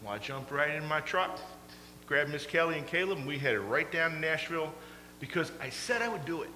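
A man preaching a storytelling sermon, animated and laughing through his stories. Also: on the high side, fairly quick. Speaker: pastor. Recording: echoey hall, faint hum.

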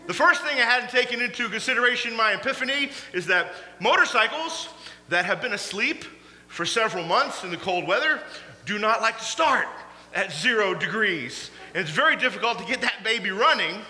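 Bright-voiced animated preacher. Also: male voice, high voice, a little fast. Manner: animated, laughing through his stories. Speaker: pastor. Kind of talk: storytelling sermon. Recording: echoey hall, faint hum.

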